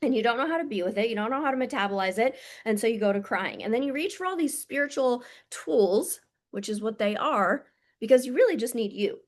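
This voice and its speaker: Frank, swearing woman with a higher voice. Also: expressive, fairly quick. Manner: frank and blunt, swears freely; intimate, addresses listeners as "my loves". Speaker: spiritual coach. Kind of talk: casual monologue to camera.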